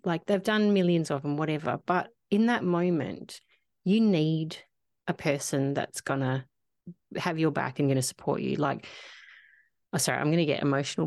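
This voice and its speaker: A woman's voice: low voice, darkish tone, dry recording, studio quality. A woman podcast host who tells a personal story openly and emotionally in casual chat, with many "like" fillers.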